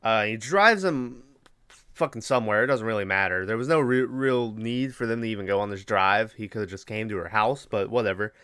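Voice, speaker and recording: A man's voice: lowish voice, brisk, fairly bright tone, smooth, no echo, clean studio sound. A man hosting a podcast, casually retelling a movie plot in a rambling, profane way with lots of fillers. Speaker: podcast host.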